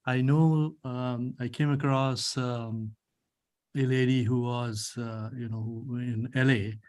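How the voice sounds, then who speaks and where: A man with a mid-range voice taking part in a casual discussion over a video call. He explains things slowly and haltingly, stopping often to fill gaps with "uh" and "you know.". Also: mid-range voice, fairly even intonation, darkish tone. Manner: halting, many fillers, explanatory. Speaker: media group member.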